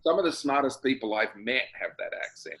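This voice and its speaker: A man in his fifties with an Australian accent talks as an interview guest over a video call. His voice is bright and forward at a middling pitch. He wanders through his thoughts with a dry, easy humor. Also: sing-song, brisk, breathy edge, low-quality recording. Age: 50s. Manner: reflective, rambling, dry humor. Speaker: guest, singer-songwriter. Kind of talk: casual interview chat.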